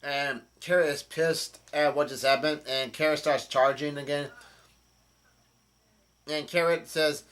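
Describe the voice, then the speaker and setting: A man's voice: fairly high pitch, steady tone, measured pace, pauses often, a bit bright. A man casually recapping a comic chapter, rambling with many fillers and restarts. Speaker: channel host.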